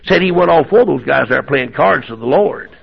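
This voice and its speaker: An older preacher tells a sermon story in a folksy, animated way that breaks into sudden shouts. His voice sits high and sounds husky and gravelly. The recording is dull and lo-fi. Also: moderate pace.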